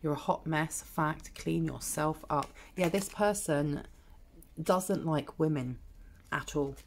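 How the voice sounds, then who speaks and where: Female tarot reader, lowish gravelly voice, blunt and chatty, cheeky. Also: slow, a little hiss or hum. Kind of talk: collective tarot reading.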